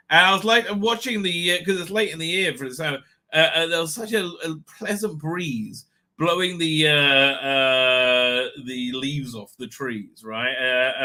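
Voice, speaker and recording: A middle-aged man hosting a casual livestream, rambling excitably, swearing freely and laughing often. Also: a little high. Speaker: livestream host. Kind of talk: casual live chat.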